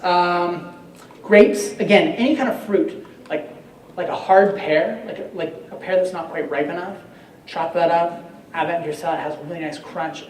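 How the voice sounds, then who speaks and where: Jokes and filler words pepper this man's live cooking demo, delivered to an audience in a slightly high, darkish voice. As a chef captured by a faraway mic in an echoey hall, he comes through with a faint layer of noise.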